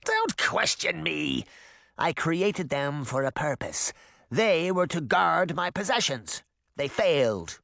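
A man acts out a seething old witch, her voice pitched high and snapping at every word. It is a storybook reading with a dry, close sound. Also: big pitch swings, takes it slowly, creaky, dry recording, full character voice. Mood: furious. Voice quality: sharp, seething, cackling.

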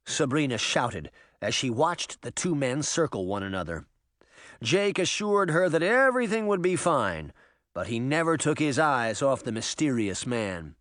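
A man giving an expressive, dramatic audiobook narration. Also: medium pitch, a little slow, dry recording, clean studio sound. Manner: dramatic, animated reading.

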